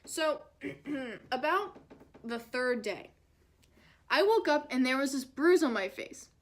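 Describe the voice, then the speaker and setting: A woman's voice: high-pitched, animated, slow. A young adult woman telling a storytime vlog in a chatty, dramatic way, full of "like" and fillers. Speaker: vlogger.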